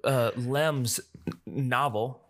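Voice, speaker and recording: A man's voice: mid-range voice, slow pace. A man casually chatting about film adaptations on a podcast, hedging a lot. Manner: relaxed, hedging with "like" and "apparently". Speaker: podcast co-host.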